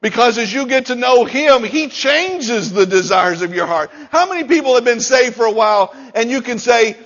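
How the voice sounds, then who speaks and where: A man's voice: very high-pitched, expressive, normal speed, few pauses, a bit bright, lo-fi sound. A male pastor preaching a sermon, emphatic and repeating key lines, chuckling between points.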